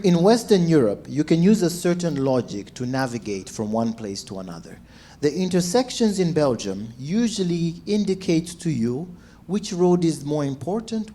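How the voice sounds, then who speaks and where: A man, a stand-up comedian telling stories to a crowd and acting out shouts and quoted voices. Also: fairly high pitch. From Zambia. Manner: animated, acts out shouts and quotes. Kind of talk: stand-up storytelling.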